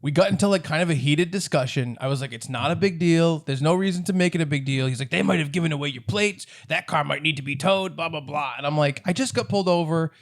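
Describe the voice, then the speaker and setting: A man's voice: fairly high pitch, fast, few pauses. A man co-hosting a comedy podcast, telling a long story in casual chat, acting out both sides and laughing often. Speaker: podcast co-host.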